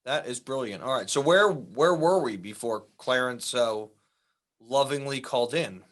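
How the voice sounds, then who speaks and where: A man's voice: mid-range voice, lively intonation, moderate pace, fairly bright tone. A man co-hosting a golf podcast in casual chat, joking with dry understatement. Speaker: podcast co-host.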